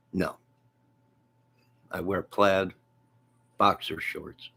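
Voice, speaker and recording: A man's voice: deep voice, steady tone, very slow, gravelly, pauses often, pushed and bright, slightly rough. A man hosting a movie and music channel, chatting casually in a rambling, joking way. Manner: joking, repetitive, laughs often.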